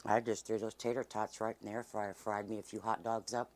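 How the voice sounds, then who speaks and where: A woman's voice: very deep voice, level tone, a little fast, darkish tone. A middle-aged woman, chatting homily as she hosts her cooking vlog and eats along. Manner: homey, chatty, talks while eating. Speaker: cooking channel host. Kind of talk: casual cooking vlog chat.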